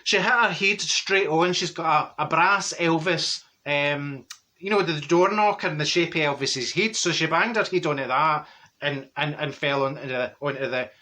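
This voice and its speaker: A gossipy, straight-talking Glasgow woman, put on by a man, rattling through comic stories full of exclamations and asides. Her Glaswegian voice sits fairly high and rings bright and forceful. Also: normal speed. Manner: chatty, rambling, exclamatory gossip. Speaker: comedy character monologue. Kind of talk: comic character storytelling.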